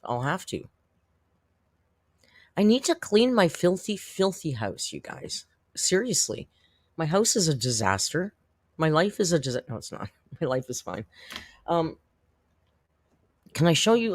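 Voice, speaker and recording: A YouTube commentary host runs a casual livestream, chatting with viewers in a rambling, self-deprecating way and laughing often. His voice is fairly high-pitched, and the recording is dry and studio quality.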